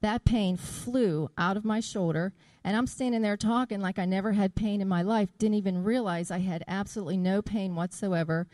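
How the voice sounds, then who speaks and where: A middle-aged woman giving an earnest testimony about her healing, reading scripture slowly and deliberately. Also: medium pitch, dark tone, no echo. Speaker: church member giving a testimony.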